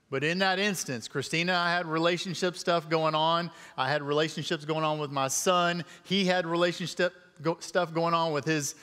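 A middle-aged man, a guest speaker at a church, telling a personal story in a relaxed, conversational sermon full of fillers and folksy asides. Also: a little high. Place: church sanctuary. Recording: long hall reverb.

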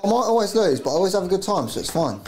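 A man's voice: high voice, very animated, rapid-fire, a little mellow. A tipsy man chatting loosely after a tabletop game, rambling and repeating himself. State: tipsy from drinking. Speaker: tabletop wargame player. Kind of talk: casual post-game chat.

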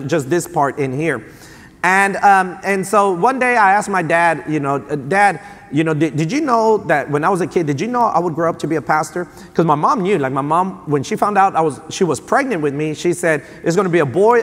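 A man in his thirties preaching in a church sanctuary, his rather high voice ringing with the long reverb of the hall. He tells his stories in an animated, loose way, full of fillers and restarts, and he keeps coming back to his point. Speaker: pastor. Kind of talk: sermon.

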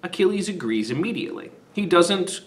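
A man's voice: high-pitched, sing-song, a little fast. A man teaching literature who summarizes the story in a casual, conversational way.

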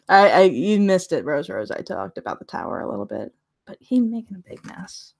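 Woman tarot reader, chatty live-stream deck review, laughs easily, warm enthusiasm. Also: mid-range voice, wildly swooping pitch, normal speed, creaky. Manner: chatty, laughs often, gushing over the cards.

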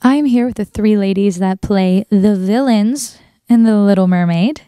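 A woman's voice: medium pitch, normal speed, warm tone, clear, resonant tone. A woman interviewing cast members for a local channel, upbeat and enthusiastic. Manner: enthusiastic, bubbly.

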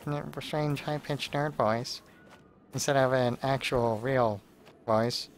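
A man's voice: medium pitch, steady tone, slow, a little hiss or hum. A man giving casual, sarcastic, rambling commentary while playing a video game. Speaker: let's play host.

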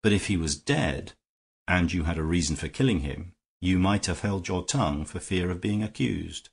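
A man reading an audiobook, voicing a mild, measured gentleman detective who reasons quietly. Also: low voice, vocal fry, slightly rough, full character voice. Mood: calm, mild. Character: calm, shrewd gentleman detective.

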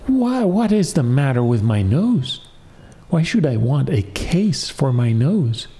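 A man's voice: medium pitch, very animated, slow pace, mellow, pitched above the performer's own voice. A man voicing a bewildered, misshapen young dwarf who speaks in a pleading, earnest way.

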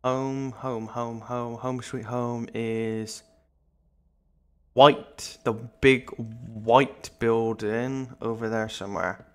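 A male streamer gives live gameplay commentary in a mid-pitched voice. He talks nervously to himself, muttering and asking questions. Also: steady tone, extremely slow, clear, resonant tone. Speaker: VTuber streamer.

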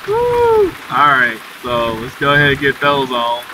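A man giving casual, chatty commentary on a live gameplay stream, talking to his viewers as y'all and breaking into excited exclamations. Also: mid-range voice, far from the mic, background noise. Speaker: livestreamer. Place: inside his truck cab.

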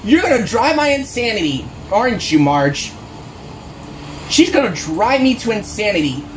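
A woman's voice: medium pitch, sing-song, moderate pace, background noise. A woman doing exasperated, rambling horror game commentary, with game music and barking dogs behind her. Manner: exasperated, frequent groans and "bruh". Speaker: gaming channel host.

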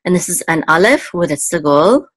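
A woman's voice: lowish voice, animated, moderate pace, no room sound. A woman teaching a Hebrew reading lesson, going patiently letter by letter with small fillers. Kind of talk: online language lesson.

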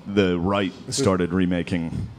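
A man's voice: sits low, flat delivery, slow, background noise. A man doing a live stand-up comedy set, talking loosely and crudely and chuckling at his own jokes.

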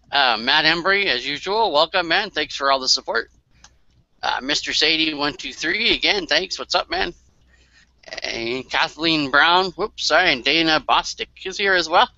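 A man's voice: a little high, pushed and bright, no room sound, dull audio. A man co-hosting a casual live stream over an online call, loose and chatty with lots of fillers. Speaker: co-host. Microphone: computer mic on an online call.

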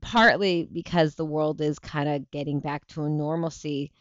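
A woman's voice: sits low, fairly even intonation, moderate pace, dry recording. A woman in her thirties hosting a casual talk show livestream, chatty and rambling, tired and burnt out. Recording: dull lo-fi stream audio.

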